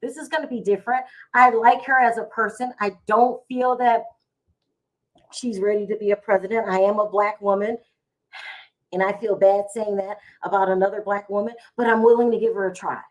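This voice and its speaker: A woman's voice: medium pitch, steady tone, normal speed. A middle-aged woman, hosting a casual live stream from home, chatty and emotional as she talks to her viewers. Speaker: vlog host going live.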